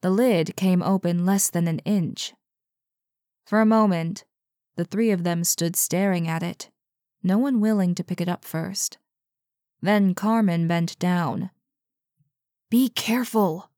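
A woman reading a story aloud at a slow, deliberate pace. Her voice is a little low, and the recording is dry and close with no room sound. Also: steady tone, dark tone, no room sound. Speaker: narrator.

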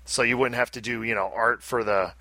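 Bright-voiced rambling male podcast host. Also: medium pitch, fairly even intonation, brisk, dry recording. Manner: rambling, self-interrupting, chatty. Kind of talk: casual chat.

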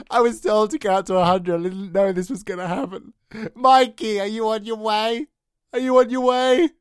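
A man improvising a comedy bit as a podcast host, melodramatic, swinging between hushed mumbling and high mock-crying. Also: dry recording, clean studio sound.

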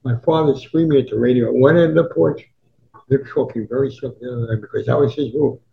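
Old guy in his 90s spinning stories, does little voices for people, mid-pitched, kinda dull lo-fi sound. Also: quick pace, vocal fry. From Newark, New Jersey, USA. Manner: animated storyteller who acts out quoted voices. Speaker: sportswriter guest. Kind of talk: anecdotal storytelling.

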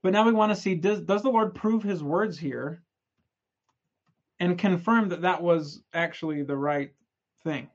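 A young man giving a casual, energetic scripture lesson, retelling stories in a chatty, playful way. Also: high voice, measured pace, pauses often, muffled recording. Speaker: scripture study presenter.

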